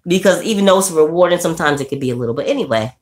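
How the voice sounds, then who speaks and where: A woman hosting a livestream chats casually in a voice that sits fairly low, laughing often. She sinks to a quiet, somber tone, then jumps up high and bubbly as she greets her viewers.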